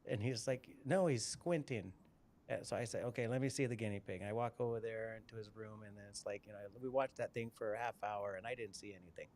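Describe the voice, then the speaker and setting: Low-voiced man, rambling host. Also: fairly even intonation, fast, few pauses, a little mellow. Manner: rambling, repeats words, storytelling. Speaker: podcast host. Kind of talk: casual live interview chat.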